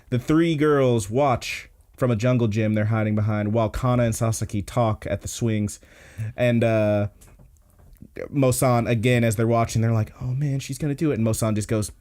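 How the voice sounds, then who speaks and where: A man's voice: medium pitch, steady tone, moderate pace, darkish tone. A man hosting a podcast, casually recapping an episode, laid-back and swearing freely. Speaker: podcast host.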